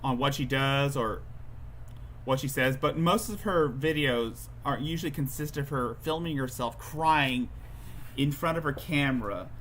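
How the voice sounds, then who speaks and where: A man's voice: mid-range voice, a bit bright, slight background noise. A man giving sarcastic, mocking commentary over a played clip on his livestream. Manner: sarcastic, slow, drawn-out.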